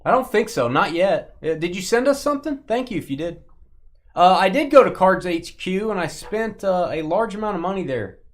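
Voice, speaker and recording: A man's voice: sits high, lively intonation, moderate pace. A man hosting a live sports card break stream, chatting and joking with viewers and greeting them by name. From Texas.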